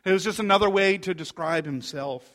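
A man with a high voice preaching a sermon. He tells the story with animation and reads scripture aloud, sometimes sinking to a quiet, low tone. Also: fairly quick. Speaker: pastor.

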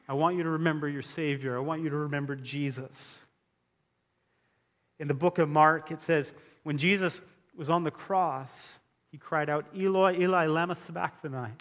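A man preaching a sermon as pastor, earnest and emphatic, repeating key phrases for weight. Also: fairly high pitch. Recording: long hall reverb.

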